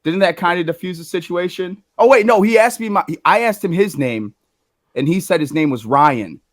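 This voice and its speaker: Brief: animated male podcast guest, storyteller, dry close mic. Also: high voice, moderate pace, no room sound. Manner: animated, swearing, acts out quoted lines.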